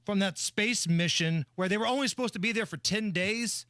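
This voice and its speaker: Man, talk radio co-host, playful teasing banter, high voice, dry studio sound. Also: moderate pace, bright, forceful tone, no echo.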